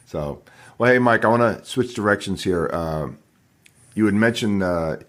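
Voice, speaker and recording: A middle-aged man with a Boston accent hosts the conversation in a friendly, easygoing way. His voice sits low for a man. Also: takes it slowly, a bit bright. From Somerville, Massachusetts, USA. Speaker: podcast host. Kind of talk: casual podcast interview.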